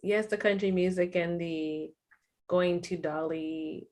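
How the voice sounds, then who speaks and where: A chatty woman tells stories in an animated way, her talk full of "like." Her voice is low-pitched. She is a co-host in a relaxed podcast conversation. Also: takes it slowly. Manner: chatty, animated storyteller with filler "like". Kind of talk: casual chat.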